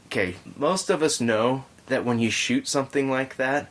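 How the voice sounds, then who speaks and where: A man hosting a podcast, telling a story in a relaxed, rambling way with frequent restarts. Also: medium pitch, moderate pace, hardly any pauses. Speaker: podcast host. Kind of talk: casual storytelling chat.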